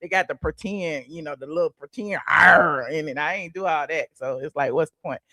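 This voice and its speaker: A woman's voice: deep voice, brisk, no room sound. A woman hosting a casual celebrity gossip livestream, sassy and chatty, calling the audience honey and child, humming mm-hmm and laughing between points.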